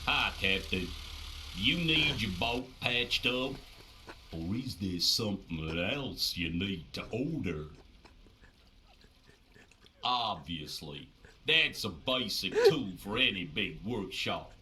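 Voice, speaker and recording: An actor playing a smug, guarded shipyard workshop owner in a video game, speaking with a forced American Southern accent in a drawling, teasing manner. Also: male voice, on the low side, sing-song, slow, long pauses, bright, forceful tone, slight background noise, exaggerated voice. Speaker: game character.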